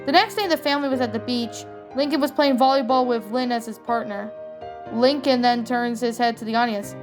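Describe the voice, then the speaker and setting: A woman reading a fan story aloud, plain and even with small slips. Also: fairly high pitch, a little fast. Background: faint music.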